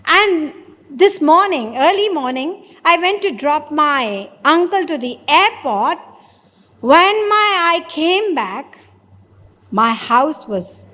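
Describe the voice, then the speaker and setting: A woman's voice: very high-pitched, pushed and bright, heavily acted. A woman voicing a distraught grieving man who pleads and defends his tears, in a sermon. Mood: grief-stricken. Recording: long hall reverb.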